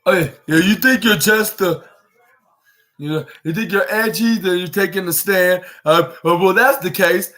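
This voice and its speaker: Young guy podcast host, high voice, rambling wrestling recap with lots of restarts. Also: moderate pace, hardly any pauses, fairly bright tone. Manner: rambling, many restarts, acts out quoted lines.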